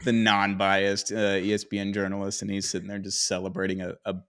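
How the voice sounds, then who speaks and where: A man's voice: fairly low pitch, completely flat delivery, a little fast, a bit bright, smooth. A man co-hosting a casual sports podcast, joking and often laughing mid-sentence. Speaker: podcast co-host.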